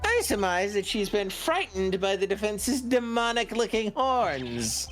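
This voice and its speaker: A woman voicing a smug courtroom prosecutor in a slow, measured delivery. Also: mid-range voice, big pitch swings, faint music behind. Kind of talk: reading game lines aloud on a livestream.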